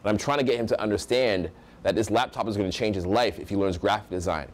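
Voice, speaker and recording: A man's voice: on the low side, quick pace. A young American man teaching social skills at a live seminar, projecting his voice with energy and acting out example voices. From United States.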